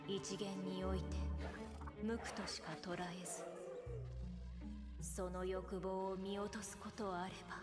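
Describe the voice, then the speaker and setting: An actress voicing a mysterious female narrator in a video game cutscene, hushed and measured. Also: medium pitch, little pitch movement, lightly acted. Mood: ominous. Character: mysterious grave female storyteller. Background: loud game music.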